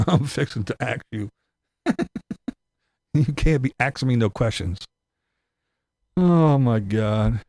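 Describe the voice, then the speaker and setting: A man's voice: mid-range voice, animated, slow pace, pauses often, a little mellow, no echo. A man ranting in sarcastic, profane commentary, laughing often as he talks. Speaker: vlog commentator.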